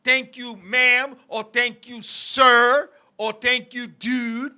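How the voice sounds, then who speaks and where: Middle-aged man, talk show host, very high voice, sharp bright tone, heated profane storytelling, live-stream chat. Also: little pitch movement, slow, clean tone.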